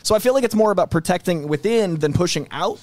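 A man's voice: sits high, animated, fast, a little mellow. A man from the US East Coast co-hosting a casual film podcast and musing through his own theories. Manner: chatty, reflective, builds little theories. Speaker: podcast co-host. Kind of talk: casual movie chat.

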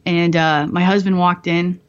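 A young woman guest in her twenties, telling dark stories bluntly and profanely, often laughing, in a slightly muffled recording. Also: on the low side, level tone, unhurried. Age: 20s. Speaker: guest, former bomb disposal technician. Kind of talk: candid storytelling interview.

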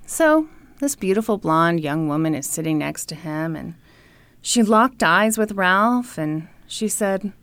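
A woman co-hosting a podcast, telling a story with playful teasing and dramatic pauses. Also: on the low side, expressive, a bit bright, no echo. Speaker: podcast co-host. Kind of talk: comedic storytelling.

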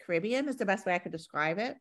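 A woman's voice: medium pitch, lively intonation, very fast, a bit bright. A woman with a New York accent co-hosting a casual podcast, talking with enthusiasm. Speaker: podcast co-host. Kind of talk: casual chat.

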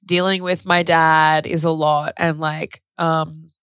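A woman's voice: low voice, level tone, takes it slowly, fairly bright tone, clean tone, no echo, studio quality. A young woman, co-hosting a podcast and talking candidly and emotionally, full of "like" and the odd swear word. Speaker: podcast co-host. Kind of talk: casual chat.

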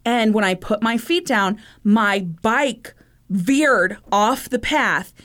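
A woman's voice: a little high, slow pace, fairly bright tone. A woman co-hosting a podcast, telling stories in casual chat full of fillers. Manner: chatty storytelling with many fillers. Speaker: podcast co-host.

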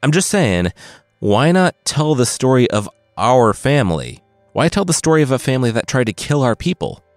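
A man's voice: mid-range voice, very animated, moderate pace, no room sound, studio quality, faint music behind. A man voicing an earnest, puzzled young Viking prince.

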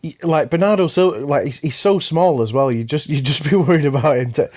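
A man's voice: fairly high pitch, a little fast, darkish tone. A man in his thirties in a casual podcast chat, teasing the others, swearing freely and restarting his sentences. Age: 30s. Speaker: podcast co-host.

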